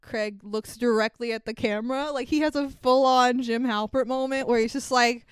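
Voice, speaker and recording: A woman's voice: on the high side, fairly even intonation, moderate pace, clean tone, dry recording, clean studio sound. A young woman co-hosting a podcast, recapping a movie in casual chat, laughing, swearing and acting out lines. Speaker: podcast co-host.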